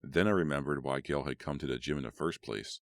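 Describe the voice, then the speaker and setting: A man giving a steady, measured reading as an audiobook narrator. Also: rumbling low, dry recording, studio quality.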